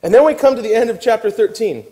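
Animated man preaching a sermon. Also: sits high, quick pace, poor audio. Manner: animated storytelling, acting out voices of biblical figures. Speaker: pastor.

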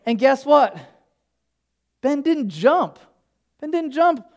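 A man's voice: very high-pitched, animated, slow. A male pastor preaching a sermon, telling a personal story in a casual, humorous, conversational way.

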